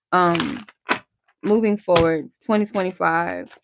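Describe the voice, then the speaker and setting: A woman's voice: on the low side, very animated, slow, creaky, pauses often, slight background noise. A woman hosting a live tarot stream, giving casual spiritual guidance in a candid, encouraging way with some swearing. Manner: candid, conversational, salted with swearing; encouraging, motivational.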